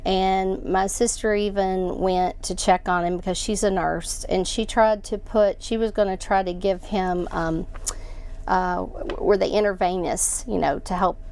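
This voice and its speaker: A woman giving a personal account as an interview guest, halting and emotional, with many restarts. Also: mid-range voice, steady tone, a little mellow, slight background noise.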